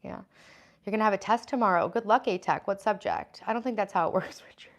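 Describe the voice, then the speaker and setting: A talkative woman runs a relaxed home livestream, reading out viewer comments and answering them as she goes. Her voice sits at an ordinary middle pitch for a woman. She has an easygoing, conversational tone. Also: fast talker. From United States. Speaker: livestream host. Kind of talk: casual livestream chat.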